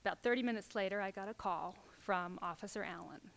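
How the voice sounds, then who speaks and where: A middle-aged woman telling a personal story to an audience, halting and filler-heavy, sometimes dropping to a near whisper. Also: mid-range voice, vocal fry.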